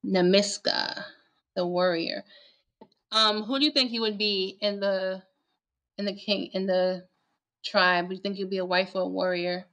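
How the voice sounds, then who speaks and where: Woman, bright tense voice, musing, hesitant, casual chat. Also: mid-range voice, steady tone, unhurried, long pauses, lo-fi sound. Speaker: podcast co-host.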